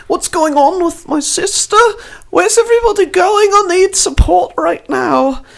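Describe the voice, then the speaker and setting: A man voicing J P, an overwhelmed young man, in a strained, shrill, high voice. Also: expressive, unhurried, gravelly, a bit bright, heavily acted. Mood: distressed.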